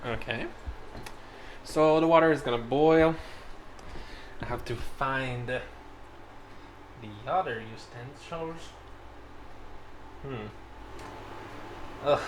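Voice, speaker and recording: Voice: mid-range voice, takes it slowly, long pauses, noisy background. A podcast host talking casually while cooking at home, rambling, laughing and swearing through each step. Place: home kitchen.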